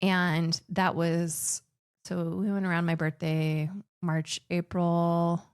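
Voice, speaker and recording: A woman's voice: lowish voice, level tone, slow pace, smooth, no room sound, studio quality. Chatty woman guest telling stories. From grew up in the Philippines. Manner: chatty, restarts sentences often. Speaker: podcast guest. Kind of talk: casual conversational storytelling.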